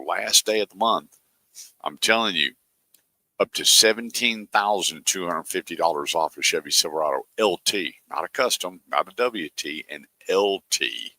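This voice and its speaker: Deep bright-voiced radio host. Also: male voice, no room sound. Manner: folksy storyteller, acts out callers' lines. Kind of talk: casual radio talk with ad reads. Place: radio studio.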